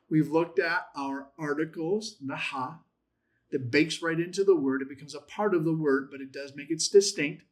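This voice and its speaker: A man teaching a Bible language class in a conversational, encouraging way, joking with his students. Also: fairly high pitch. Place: church classroom.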